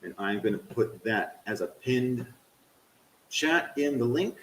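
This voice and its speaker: A male streamer with a voice of ordinary height plays a game live and talks to his chat. He grumbles and swears at the game, then bursts into loud yells at it. The sound carries a noticeable room echo. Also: medium pitch, expressive, slow pace, slight background noise. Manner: cursing at the game, swings from grumbling to yelling.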